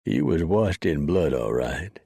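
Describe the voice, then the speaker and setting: A man voicing a blunt, rough frontier mountain man who drawls in backwoods grammar with dry sarcasm. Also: a bass voice, animated, a little slow, dark tone, no echo, heavily acted. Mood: gruff.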